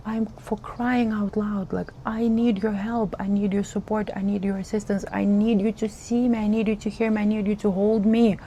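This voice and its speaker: A woman voicing a hurt little child, pleading slowly and plaintively to be seen and held. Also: mid-range voice, flat delivery, warm tone, slight background noise, natural voice.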